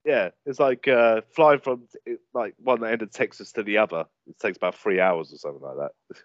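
Low-voiced easygoing lad. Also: male voice, normal speed, no room sound. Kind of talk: casual chat. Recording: dry, dull lo-fi audio.

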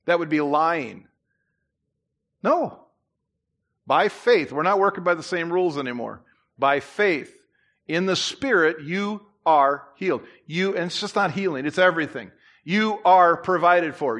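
A man preaching a sermon in church, conversational with asides and restarts, who climbs louder and higher to drive his points home. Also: expressive, measured pace. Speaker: pastor.

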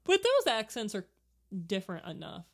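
A woman's voice: mid-range voice, huge pitch swings, moderate pace. A woman co-hosting a casual chat while watching a movie, playful and joking, laughing often.

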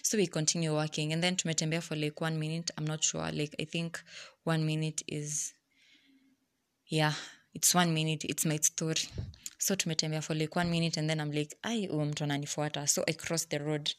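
A young Kenyan woman telling a personal story in a lively, exasperated way, switching between English and Swahili slang. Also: low voice, fairly quick.

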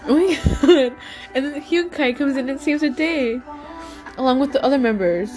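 A young woman with a fairly high voice chats casually as a podcast host, gushing and exclaiming as she reacts. She fills her talk with fillers and restarts. Faint music plays underneath. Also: moderate pace, darkish tone.

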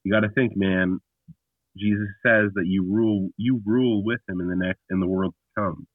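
A man's voice: low-pitched, steady tone, moderate pace, dry recording. A man, a podcast guest, talking bluntly and emphatically about scripture in a casual discussion with frequent restarts. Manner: blunt, emphatic storyteller who often restarts. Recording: tinny phone-like line.

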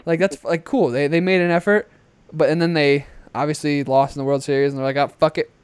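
Young male podcast co-host, brisk profane rants, smooth tone, dry headset sound. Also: on the high side, no room sound. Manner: ranting, profane, animated. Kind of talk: casual podcast chat.

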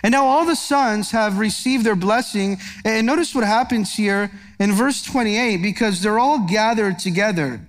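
A man's voice: high-pitched, moderate pace, hardly any pauses. A male pastor preaching a verse-by-verse sermon, earnest and emphatic, putting rhetorical questions to his congregation. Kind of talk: expository sermon. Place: church sanctuary.

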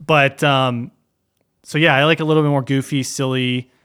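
A man's voice: mid-range voice, level tone, moderate pace, a bit bright, clear, resonant tone. A young man co-hosting a podcast in casual chat, rambling with many fillers and repeated words. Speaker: podcast co-host.

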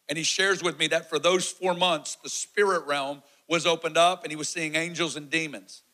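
A man in his forties preaching a sermon testimony, telling his story with animated energy and acting out the shouts and quotes. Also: fairly high pitch, rough recording.

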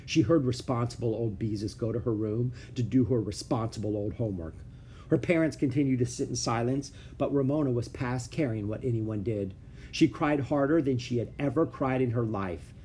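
A man reading a children's book aloud with expressive storytelling. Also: medium pitch, moderate pace, slight background noise. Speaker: narrator.

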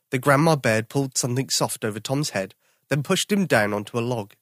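An expressive storyteller reading a children's picture book aloud. The voice rises and falls in a lively way, and the sound is dry and close to the mic. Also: mid-range voice, a little fast, dry recording.

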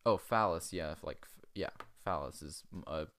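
Low-voiced crude male podcast host. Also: moderate pace, a bit bright. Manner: crude, rambling, chuckling. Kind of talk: casual comedic chat.

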